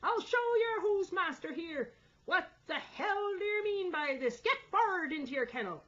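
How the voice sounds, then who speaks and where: A woman's voice: very high voice, expressive, normal speed, a bit bright, highs cut off, voice pushed up. A woman voicing a bullying male first mate of a sailing ship, roaring threats. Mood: furious.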